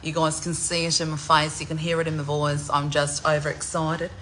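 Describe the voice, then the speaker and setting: A woman, chatting excitedly in a salon vlog, loud, laughing and swearing freely. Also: low-pitched, fairly quick, a little hiss or hum, rough recording. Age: 40s. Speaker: singer.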